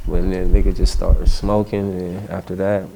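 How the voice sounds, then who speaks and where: Gravelly young man telling street stories. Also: sits low, normal speed, a little hiss or hum. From Los Angeles. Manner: slangy, rambling, animated street storytelling. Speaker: rapper, interview guest. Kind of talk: casual storytelling in an interview.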